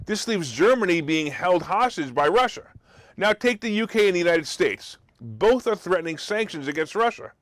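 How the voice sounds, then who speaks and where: A man's voice: high-pitched, sing-song, moderate pace, dry recording. A man hosting a talk show, delivering an opinionated monologue with sarcastic, mocking asides and incredulous questions.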